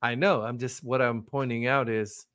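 A man co-hosting a casual political podcast, chatty and quick to jump in with asides. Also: medium pitch, fairly even intonation, fairly bright tone. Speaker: podcast co-host.

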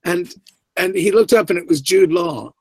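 A middle-aged man telling a story from a film set, his voice sitting a bit high for a man. He lively acts out the people he quotes with big jumps in pitch. The sound is dry and close, with almost no room around it. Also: normal speed, slightly rough, dry recording. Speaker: actor, interview guest. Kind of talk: anecdotal storytelling.

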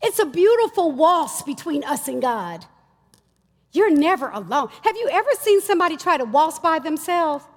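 A woman minister preaching a sermon, talking to the congregation in a lively, chatty way and calling out to them often. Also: high-pitched, normal speed, long reverb tail. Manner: lively, conversational preaching with audience call-outs. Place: church stage.

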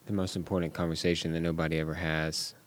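A man hosting a podcast, talking in a halting, hesitant way full of fillers. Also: extremely low pitch, little pitch movement. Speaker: podcast host. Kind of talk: casual chat.

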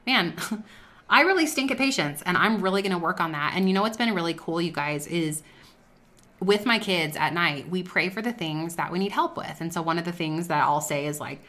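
A woman's voice: on the low side, fairly quick, a bit bright. A woman hosting a faith-based business talk, speaking earnestly and conversationally and sharing personal stories. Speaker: podcast host.

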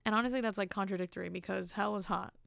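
Gravelly-voiced young woman rambling on her podcast. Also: mid-range voice, steady tone, rapid-fire, a bit bright, no room sound, clean studio sound. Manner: rambling, self-amused, jokey asides. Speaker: podcast host. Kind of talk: casual solo podcast storytelling.

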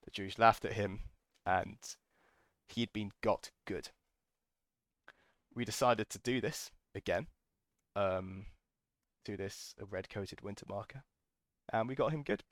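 A man's voice: fairly low pitch, takes it slowly, long pauses, a bit bright, no room sound, clean studio sound. A man hosting a podcast, telling a casual, enthusiastic story full of ums and restarts. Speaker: podcast host.

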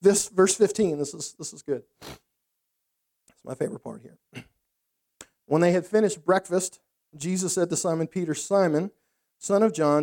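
High-voiced man preaching a casual sermon. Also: unhurried, long pauses. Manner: conversational, animated storytelling with laughs. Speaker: pastor.

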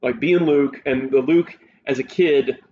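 With a mid-range voice and a somewhat slow pace, a casual male co-host eagerly tells the story of a show, animated and excited. The chat is casual, and the slightly muffled recording sounds dull with faint hiss.

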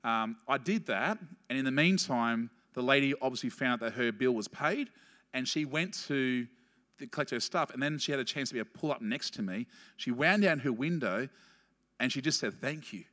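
A male pastor delivers a sermon at a medium pitch. He tells stories with animated asides and light, self-deprecating humour. His voice carries a long reverb from the church hall around him. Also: brisk.

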